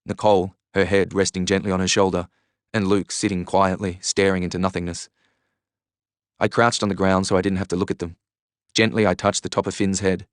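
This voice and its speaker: A low-voiced man narrates a novel in the first person, steady and earnest. The read is close and dry, with no room around it. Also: a little fast, no echo. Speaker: reader. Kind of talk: audiobook narration.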